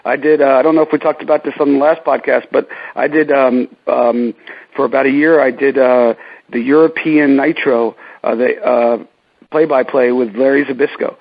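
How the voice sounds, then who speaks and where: A man on a dull, muffled line rambles through his stories. He restarts sentences often and sprinkles in ums and uhs. His pitch sits in an ordinary middle range. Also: steady tone, moderate pace. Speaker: ring announcer guest. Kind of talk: casual phone interview.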